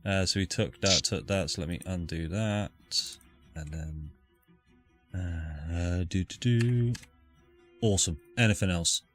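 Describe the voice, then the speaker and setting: A man's voice: sits low, a little slow, fairly bright tone, faint music behind. A man running a tabletop game as dungeon master, easygoing and thinking aloud over the rules.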